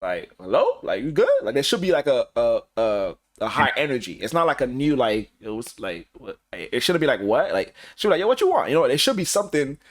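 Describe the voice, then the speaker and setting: A man co-hosting a podcast, chatting casually and acting out quotes in animated bursts. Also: medium pitch, brisk, hardly any pauses. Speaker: podcast co-host.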